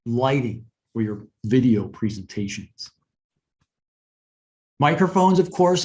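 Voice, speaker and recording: A man giving a webinar lesson on presentation skills in a conversational way, often asking "right?" and pausing to stress points. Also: a little high, darkish tone.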